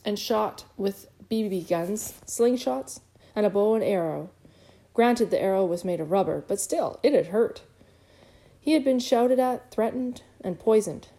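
Woman narrator, mellow tone, expressive children's audiobook read. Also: mid-range voice. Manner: lively and expressive, with occasional stumbles.

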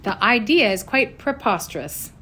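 Woman doing a stiff formal dad, measured lines, even voice, storybook. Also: mid-range voice, a little hiss or hum. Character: stiff, formal grown-up father.

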